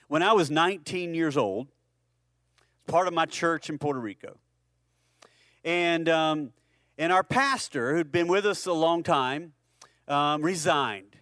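A man's voice: fairly high pitch, animated, measured pace, pauses often, fairly bright tone, no room sound, clean studio sound. A man preaching a sermon in a conversational way, asking the congregation questions and often repeating words as he restarts. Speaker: pastor.

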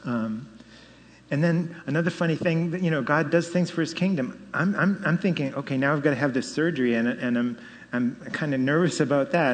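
Man telling his testimony in a reverberant hall. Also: on the high side. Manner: animated storytelling with laughs and rising emphasis. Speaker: speaker giving testimony. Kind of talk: personal testimony.

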